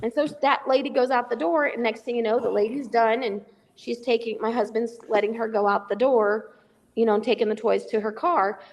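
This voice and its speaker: A middle-aged woman with a rough, gravelly voice pitched a little high tells a story as a guest on a remote call. She is animated and acts out every line of dialogue herself. Her voice carries a long, echoing reverb. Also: fairly quick. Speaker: guest, charity volunteer. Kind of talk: casual storytelling on a call-in podcast.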